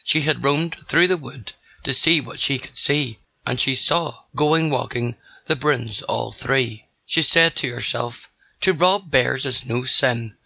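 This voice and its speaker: Male narrator for a rhymed fairy tale, gravelly and crisp, dry lo-fi read. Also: medium pitch, unhurried, hardly any pauses, bright, forceful tone, no room sound. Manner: sing-song rhyming delivery.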